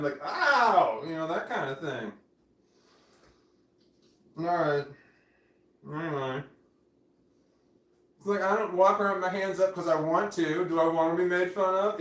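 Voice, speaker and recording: A man's voice: on the high side, fairly bright tone. A man in his forties livestreaming from home on a phone, rambling and swearing, often breaking off mid-sentence. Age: 40s. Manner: rambling, swearing, self-interrupting. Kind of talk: casual livestream chat. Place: indoors at home. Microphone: phone camera. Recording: echoey room, off-mic.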